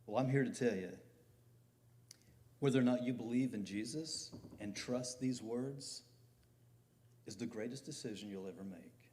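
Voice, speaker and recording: A man's voice: mid-range voice, a little slow, long pauses, mellow. A middle-aged man preaching a conversational sermon as pastor, building to emphatic peaks.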